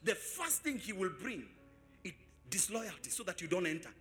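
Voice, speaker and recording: A man preaching a sermon as pastor, asking the congregation questions and swelling into sung shouts. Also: sits high, big pitch swings, normal speed, faint music behind. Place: church service.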